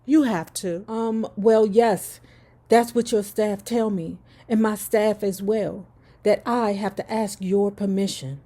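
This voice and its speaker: A woman's voice: mid-range voice, fairly even intonation, slow, warm tone. A woman voicing a nervous young man who stammers as he asks his grandmother for permission. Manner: hesitant, stammering.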